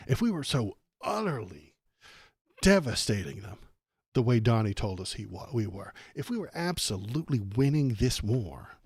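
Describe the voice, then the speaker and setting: A man's voice: medium pitch, a little mellow, breathy edge, no room sound, studio quality. A man hosting a political stream, ranting with sarcastic, profane exasperation.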